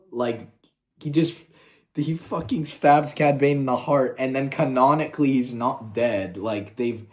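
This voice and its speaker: Excitable, profane man in an echoey room. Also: mid-range voice. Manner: profane, excitable, quick asides. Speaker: video creator. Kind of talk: casual rant. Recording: roomy echo.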